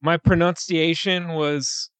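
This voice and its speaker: A man's voice: a little high, fairly even intonation, takes it slowly, fairly bright tone, clear, resonant tone, no echo. Joking, rambling male podcast co-host. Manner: joking, rambling with many restarts. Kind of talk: casual chat.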